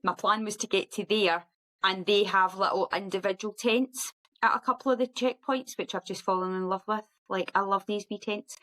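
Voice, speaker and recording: A woman's voice: mid-range voice, poor audio. Scottish woman telling a vivid story. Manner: animated storyteller who acts out quoted speech. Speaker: podcast guest, ultra runner. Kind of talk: casual storytelling interview.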